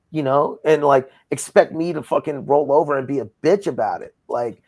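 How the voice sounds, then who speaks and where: A man's voice: a little high, normal speed, few pauses, a little mellow, no room sound. A man who works as a wrestling promoter, from Southern California, ranting in a heated, profane way during a casual interview.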